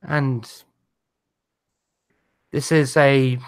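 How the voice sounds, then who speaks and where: A man who narrates as game master, describing scenes in a halting way with many restarts. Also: mid-range voice, flat delivery, smooth.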